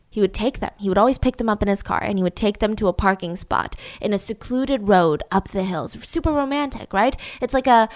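A woman hosting a true crime podcast, telling the story in a chatty, heavily sarcastic, mock-admiring way and speaking straight to her listeners. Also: medium pitch. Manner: chatty, addresses listeners directly. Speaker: podcast host.

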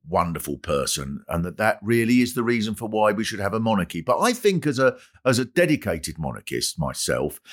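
A male comedian hosting, delivering a mock-solemn, sarcastic satirical monologue that swells into a pompous rant. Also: on the low side. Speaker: comedian host.

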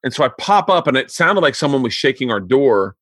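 Male podcast host in his forties, mid-pitched voice, dry close sound, laughs a lot, casual storytelling. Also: sing-song, brisk, fairly bright tone, no echo.

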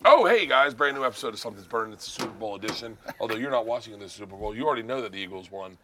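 Male host, bright edge, rowdy casual kitchen chat. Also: lowish voice, racing, slight background noise. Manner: excitable, swears a lot. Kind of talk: casual chat while cooking. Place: indoor kitchen set at an arena.

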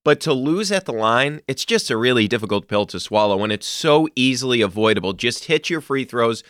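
A man hosting a sports podcast, ranting in an animated, emphatic way with occasional swearing. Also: mid-range voice, a little fast, clear, resonant tone, no room sound, studio quality. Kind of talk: solo sports commentary.

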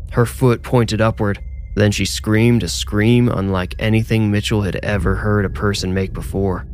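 A man reading a scripted horror story aloud in a measured, low-key storytelling manner. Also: slight background noise.

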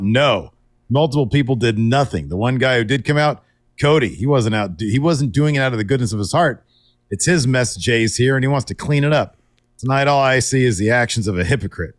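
A man chats casually through a wrestling show recap, and his voice keeps jumping up when he acts out other people's lines. His pitch sits in the middle of the range. The sound is close and dry. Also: a little fast, no echo. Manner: animated, acts out quoted lines in raised voice. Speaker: podcast co-host.

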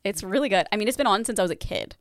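A young adult woman from the Midwest, co-hosting a podcast in casual chat, full of "like" fillers and quick laughs. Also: mid-range voice, animated, dry recording, clean studio sound. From American Midwest. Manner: chatty, many "like" fillers, laughs often. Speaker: podcast co-host.

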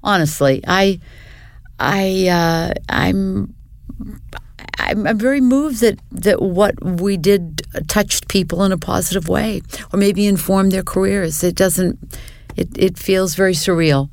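An older woman, a guest in a casual interview, talking reflectively and haltingly with many restarts. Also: medium pitch, creaky, no echo.

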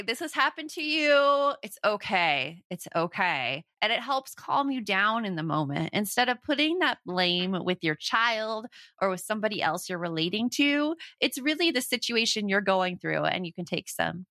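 A woman co-hosting a casual parenting podcast, chatty and animated, often slipping into quoted inner voices. Her tone is bright and forward. The sound is dry and close to the mic. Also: medium pitch, moderate pace, hardly any pauses, no room sound. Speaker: podcast co-host.

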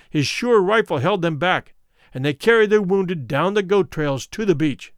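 Male story narrator, dramatic and expressive, slightly high voice, very lively pitch. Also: dry recording, studio quality. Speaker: audiobook narrator.

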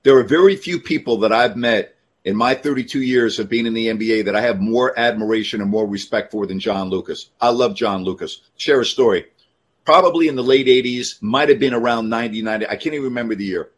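A man co-hosting sports talk radio, telling a story earnestly and chiming in with quick agreement. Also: medium pitch.

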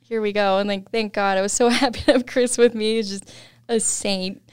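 A young woman guest on a podcast, telling a story in casual chat, laughing often and animated when quoting others. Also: mid-range voice, moderate pace, clean tone, dry recording, studio quality.

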